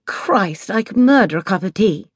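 A woman's voice: mid-range voice, expressive, moderate pace, husky, no echo. A woman narrator voicing an upper-class English young woman who talks through barely parted lips in amused tones.

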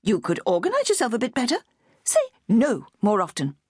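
A woman's voice: on the high side, huge pitch swings, brisk, slightly rough, dry recording, clean studio sound, pitched above the performer's own voice, heavily acted. A woman narrator voicing a stern, headmistressy inner voice of conscience that scolds primly. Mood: scolding. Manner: scolding, prim.

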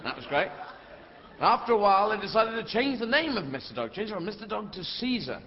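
Animated man doing live stand-up. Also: high-pitched, a little fast. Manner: rambling, animated, puts on shouting old-lady voices. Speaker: stand-up comedian. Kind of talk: stand-up comedy routine. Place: large theatre stage. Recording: live hall recording, dull sound, audience noise. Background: audience laughter.

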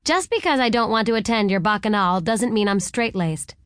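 A woman's voice: mid-range voice, animated, brisk, clean tone, no echo, close to an everyday voice. A woman voicing a prim, stubborn young heroine who answers with curt, indignant retorts. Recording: dry close audiobook studio.

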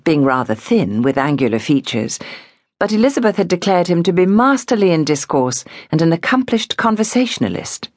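A woman narrating an audiobook in a measured, expressive storytelling manner. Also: sits low, dry recording, studio quality. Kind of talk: scripted narration.

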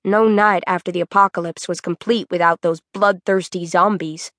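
Woman narrator, mid-range voice, measured dramatic read, dry studio sound. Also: medium pitch, fairly bright tone, no echo. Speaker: audiobook narrator. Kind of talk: scripted audiobook narration.

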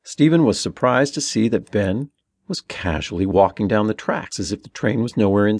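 Gravelly man narrating an audiobook. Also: low voice, no echo, studio quality. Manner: steady, measured storytelling. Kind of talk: scripted narration.

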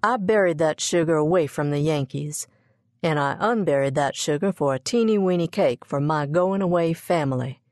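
Woman narrator doing proud old cook, scolding, folksy, low voice, dry read. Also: normal speed, a little mellow, no echo, lightly acted. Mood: bossy.

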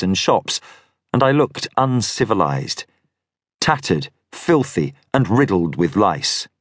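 A man narrating an audiobook in the first person with measured, expressive storytelling, recorded on a studio microphone. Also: medium pitch, dry recording.

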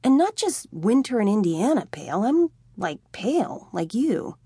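A woman's voice: a little high, normal speed, breathy edge, no room sound, studio quality, full character voice. A woman doing a whiny teenage vampire guy. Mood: whining. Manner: excitable, complaining. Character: nervous nineteen-year-old male newbie vampire, whiny.

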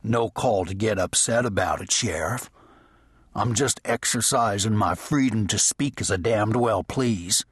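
A man voicing a dazed, defiant outlaw gunman who drawls slowly and whines high when scared. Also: husky, no room sound, clean studio sound. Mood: sly mocking.

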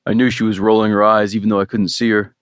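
A man with a lowish voice narrates a romance novel in first person. His delivery is relaxed and wry. The recording is dry and close. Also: fast, no echo. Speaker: audiobook narrator.

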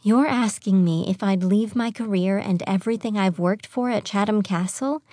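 A woman's voice: mid-range voice, moderate pace, mellow, no room sound, clean studio sound, natural voice. A woman voicing a radiant, composed young woman who speaks breathily with delight in an audiobook reading. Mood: demure.

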